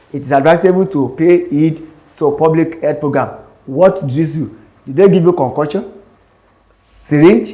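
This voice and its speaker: A man's voice: a little high, a little mellow. A man with a Nigerian English accent teaching an exam-prep lesson, explaining step by step and repeating the key points. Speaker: exam tutor. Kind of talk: classroom lesson.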